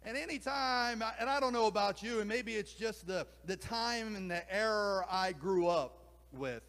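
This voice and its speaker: A man in his forties preaching a sermon, reading a story slowly and emphatically and then rambling in asides. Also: high voice, fairly bright tone. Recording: long hall reverb.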